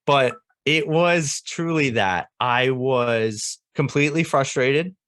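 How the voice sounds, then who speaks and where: A man's voice: mid-range voice, animated, slow, fairly bright tone, clean tone, no room sound, studio quality. A young man as a podcast guest, telling a personal story earnestly and animatedly, laughing often.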